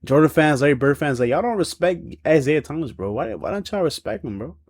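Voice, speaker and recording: A man's voice: on the high side, a little fast. A young man hosting a reaction video, talking in loose slang, laughing and teasing as he comments. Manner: animated, laughing, slangy and playful.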